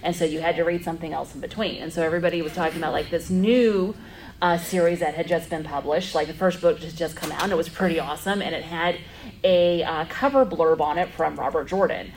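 Low, gravelly woman moderating a panel. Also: fast, darkish tone, a little hiss or hum, poor audio. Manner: chatty, rambling with many fillers. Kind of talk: convention panel discussion. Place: convention panel room.

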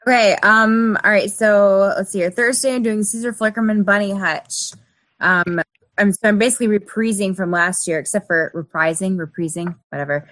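A woman co-hosting a casual group chat, excitable and talking in quick bursts. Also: mid-range voice, dry recording.

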